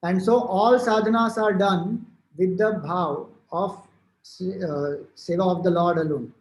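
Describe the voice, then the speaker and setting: Slow and fairly even in intonation, a high-voiced man with an Indian English accent gives a devotional talk. Acting as a spiritual teacher, he unpacks scripture and retells old stories in a rambling, explanatory way full of fillers and restarts, captured with a roomy echo.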